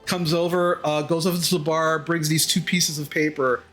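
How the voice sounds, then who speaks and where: A man's voice: fairly high pitch, flat delivery, moderate pace, few pauses, a bit bright, soft background music. A man narrating as a tabletop game master, describing scenes hesitantly with many fillers. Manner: hesitant, full of ums and likes.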